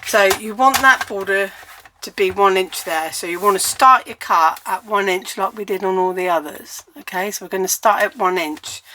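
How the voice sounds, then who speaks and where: A woman's voice: medium pitch, background noise. An English woman giving a chatty, step-by-step cardmaking tutorial while she works at her crafting table.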